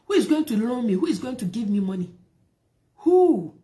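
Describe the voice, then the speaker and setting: Soft-voiced woman giving emotional testimony. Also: fairly high pitch, sing-song, normal speed. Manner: emotional, repetitive, rhetorical questions. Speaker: prophetess sharing her life story. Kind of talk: personal testimony talk.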